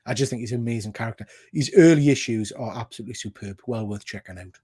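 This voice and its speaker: A man's voice: medium pitch, fast talker, warm tone, slightly rough. A man hosting a casual podcast chat, enthusiastic and fond of big praise words. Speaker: podcast host.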